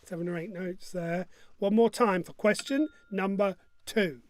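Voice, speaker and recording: A man's voice: high-pitched, unhurried. A man hosting an online pub quiz, joking along and humming his own jingles. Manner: jokey and upbeat, hums his own jingles.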